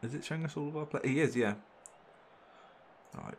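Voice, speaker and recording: A young man commentating his football management game, excitable and exclaiming when things go his way. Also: on the high side, fairly quick, slight background noise. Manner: excitable, swearing mildly in exclamations. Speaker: gaming channel host. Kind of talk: gameplay commentary.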